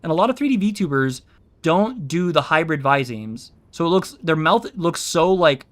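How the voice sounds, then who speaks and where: This VTuber's voice is slightly high, a bit bright and expressive, moving at a normal speed. He chats casually and rambles, explaining things with lots of filler and restarts, using his own streaming mic.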